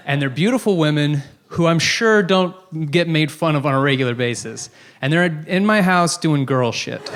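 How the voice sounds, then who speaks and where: A man's voice: on the high side, fairly bright tone. A man in his thirties doing a brash, profane, self-mocking stand-up set on a comedy club stage, speaking into a handheld mic. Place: comedy club stage before a live audience.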